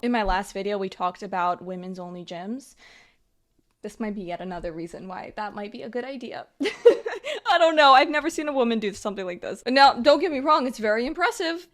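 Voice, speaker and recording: A woman's voice: mid-range voice, fairly quick. A woman vlogger giving reaction commentary on clips, incredulous and breaking into laughs between her remarks.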